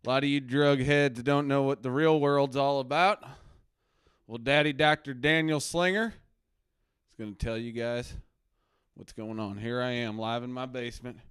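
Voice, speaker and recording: A man playing a preachy, self-righteous male anti-drug crusader doctor on a comedy live stream from his basement, ranting between low mutters and loud outbursts. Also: steady tone, unhurried, clean tone, no echo, clean studio sound, close to an everyday voice. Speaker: host. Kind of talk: satirical live-stream rant. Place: home basement.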